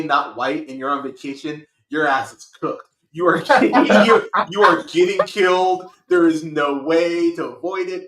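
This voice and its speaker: A man hosting a podcast, reviewing a movie in casual chat with animated, profane rants. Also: on the high side, echoey room, rough recording. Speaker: podcast host.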